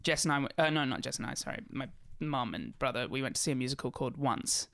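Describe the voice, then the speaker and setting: An Australian man co-hosting a casual podcast chat, chatty and animated, often trailing off with "blah, blah, blah". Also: mid-range voice, fast talker, gravelly. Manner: chatty, animated, says blah blah blah, backchannels a lot. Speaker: podcast co-host, actor.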